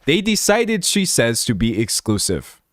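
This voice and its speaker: A young man reads an article aloud to his stream chat and keeps stopping to riff on it. His pitch leaps around a lot, and he jumps between loud remarks and quiet, close asides. The sound is dry and close, with almost no room echo. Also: measured pace. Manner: chatty, animated, swings from loud to hushed asides. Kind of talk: casual reaction commentary, reading aloud.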